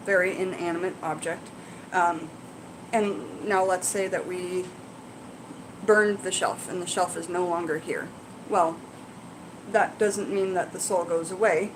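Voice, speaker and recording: A woman with a voice on the low side speaks over some background noise. She hosts an herbalism channel and is running a casual live Q&A, reading passages aloud and explaining them in a chatty, rambling way with asides to viewers.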